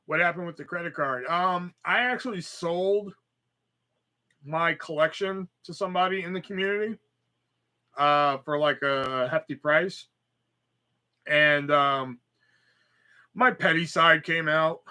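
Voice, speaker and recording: Young man, podcast host, casual profane storytelling, bright and slightly high voice. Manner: profane, rambling storytelling with quoted dialogue. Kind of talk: casual live-stream chat.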